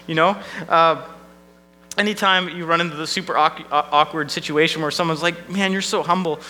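A man's voice: a little high, sharp tone, poor audio. A man preaching a sermon as pastor, in a conversational, self-deprecating way with frequent restarts.

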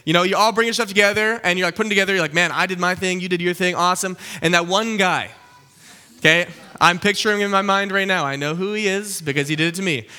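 A young man preaching a casual teaching sermon, animated and conversational, often checking in with his listeners. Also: sits high, fast, clean tone.

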